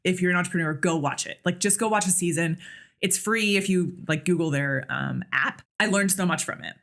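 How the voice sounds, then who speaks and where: A woman's voice: fairly low pitch, fairly quick, creaky, a bit bright. A woman guesting on a podcast, talking candidly and casually, with lots of fillers. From United States. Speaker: podcast guest, nurse practitioner and clinic owner. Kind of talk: casual interview chat.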